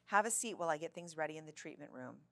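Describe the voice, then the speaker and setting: A woman reading the lines of a calm, practical mother who runs an animal center, sounding calm and reassuring. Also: sits low, fast, no room sound.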